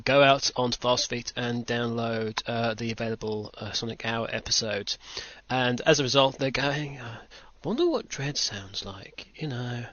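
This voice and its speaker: A man's voice: mid-range voice, fairly bright tone, no echo. A British man hosting a podcast in casual chat, rambling with dry self-mocking asides. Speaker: podcast host. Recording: dull lo-fi home recording.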